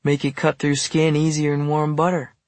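A man's voice: on the high side, monotone, moderate pace, darkish tone, no echo, voice pushed up, close to an everyday voice. A man voicing a menacing, boastful bigot in an audiobook, taunting and preachy. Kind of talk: audiobook character voice.

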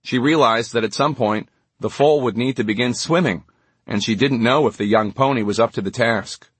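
A man reading a novel aloud in a steady, measured storytelling manner. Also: mid-range voice, husky, no echo. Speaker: audiobook narrator. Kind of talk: scripted narration.

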